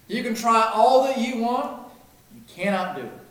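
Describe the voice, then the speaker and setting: A man preaching a sermon, emphatic, swinging between loud declarations and hushed lines. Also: extremely high pitch, lively intonation, normal speed. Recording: very echoey room, mic at a distance.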